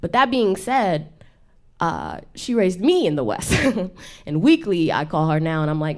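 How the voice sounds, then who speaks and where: A young woman talks through a stand-up set in a low, dusky voice. She is chatty and self-deprecating, and she laughs between her jokes. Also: lively intonation, measured pace. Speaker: stand-up comedian. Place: intimate studio stage with audience.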